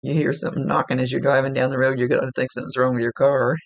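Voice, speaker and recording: A man working as a psychic medium, giving a relaxed, conversational reading. He is chatty, laughs easily and often corrects himself mid-sentence. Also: mid-range voice, very fast, vocal fry.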